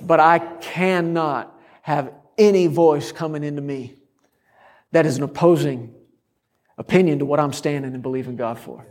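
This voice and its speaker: A man delivering a sermon in a high-pitched voice. He stacks up repeated, emphatic declarations and fires off rhetorical questions at the congregation. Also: normal speed, a little mellow. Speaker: preacher.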